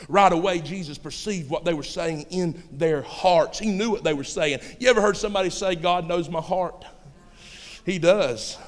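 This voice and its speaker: A man preaching a sermon with folksy turns of phrase, swinging between shouting and hushed storytelling. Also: sits high, normal speed. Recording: long hall reverb.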